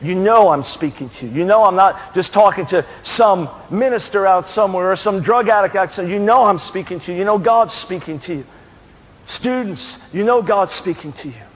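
A man preaching a fervent sermon, his voice climbing high as he drives his points home. He is from New York, and his words ring out with a long reverb. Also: brisk, highs cut off. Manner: impassioned, building to shouted rhetorical questions.

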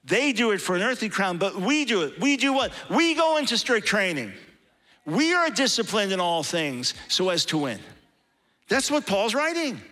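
A man's voice: sits high, big pitch swings, moderate pace, sharp tone. A man preaching a sermon in an impassioned, emphatic way, building to strong peaks.

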